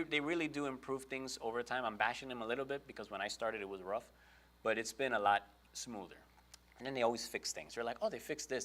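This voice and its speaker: A man's voice: medium pitch, fairly bright tone. A man from Brooklyn giving a casual webinar talk on online selling, chatty and full of fillers, acting out quoted exchanges as he goes. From Brooklyn, New York.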